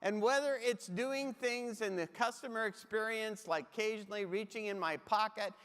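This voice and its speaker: A man's voice: sits high, normal speed, a bit bright, clean tone. A man giving a humorous keynote talk, telling comic anecdotes and speaking straight to his audience. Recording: long hall reverb.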